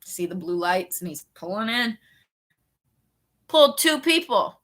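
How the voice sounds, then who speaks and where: A woman telling a story in a casual, sarcastic rant, with quick animated bursts. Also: mid-range voice. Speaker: vlogger.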